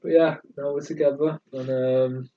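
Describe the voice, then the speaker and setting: A podcast host from the North of England chats casually, telling stories in a rambling, hesitant way full of fillers and restarts. His mid-range voice is flat and moves at a normal speed. He sits far from the mic, so the sound comes through muffled.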